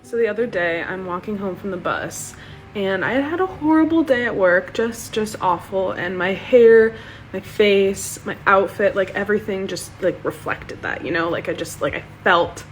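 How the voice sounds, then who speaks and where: A woman's voice: mid-range voice, animated, moderate pace, a little hiss or hum. A young woman telling a personal dating story in a bubbly, chatty way. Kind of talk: storytime vlog.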